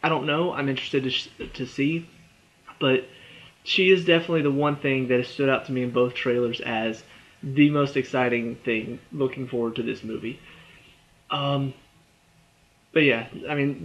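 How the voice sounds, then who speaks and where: A young man chats his way through a movie trailer review in a loose, rambling style, stopping and restarting his thoughts. He sounds a bit tired, and his voice sits at an ordinary middle pitch. The recording is dull and lo-fi. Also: steady tone, normal speed, a bit bright. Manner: rambling and chatty, with frequent fillers, restarts and little laughs. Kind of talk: casual spoken review.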